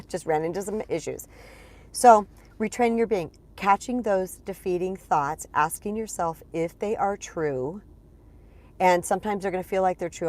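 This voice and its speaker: A middle-aged woman teaches on a casual live stream, a touch congested. Her voice sits on the low side, and she chats easily, addressing her viewers directly as a spiritual coach. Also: a little mellow. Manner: chatty, addresses viewers as "you guys".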